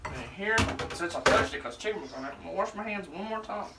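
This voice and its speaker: A young man in his twenties from Alabama rambling and joking in slang while he cooks, pitching himself for a cooking show. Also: animated, quick pace, vocal fry. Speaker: show applicant. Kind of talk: casual audition vlog while cooking. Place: home kitchen. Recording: echoey kitchen, voice from far off, faint noise.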